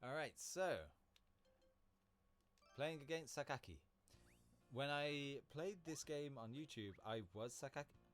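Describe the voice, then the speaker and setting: A man's voice: a little high, a little slow, pauses often, faint music behind. A man chatting casually while live-streaming a game, rambling and laughing easily. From Britain.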